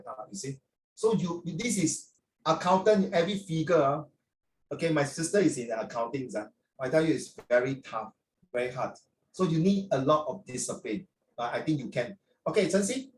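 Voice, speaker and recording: An older man, a teacher with a Singaporean accent, talks to his class in a chatty lecture peppered with local particles. His voice is mid-range and fairly quick. The sound is distant with a roomy echo.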